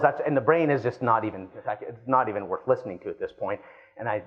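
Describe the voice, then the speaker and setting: A man giving a live keynote speech, telling a personal story with animated energy and calling the audience guys. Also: medium pitch, quick pace, lo-fi sound. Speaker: keynote speaker.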